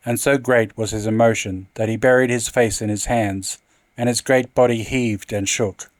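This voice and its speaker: A man narrating a horror tale in an expressive, dramatic reading. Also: mid-range voice, normal speed, no room sound.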